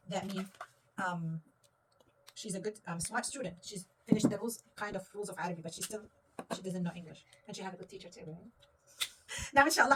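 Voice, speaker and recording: A woman's voice: mid-range voice, recorded from a distance, background noise. A woman teaching a young pupil to read Arabic, patiently quizzing her and praising right answers. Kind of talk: one-on-one reading lesson.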